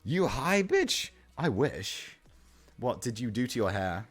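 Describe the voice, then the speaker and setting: Chatty young man, lively pitch. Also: a little slow, husky. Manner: chatty, reads and answers chat, swears casually. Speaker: streamer. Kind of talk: casual live-stream chat. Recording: faint music in the background. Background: faint music.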